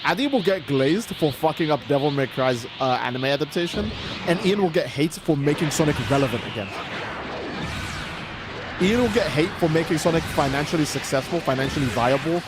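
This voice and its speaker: A man hosting a game livestream, chatting casually and ranting in an animated, profane, exasperated way. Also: on the high side, a little fast, very noisy. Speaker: livestream gamer host.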